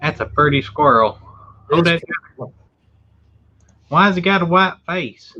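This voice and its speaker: A man's voice: fairly high pitch, lively intonation, measured pace, pushed and bright. A man hosting a casual chat, folksy and joking. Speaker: host. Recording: dull lo-fi sound.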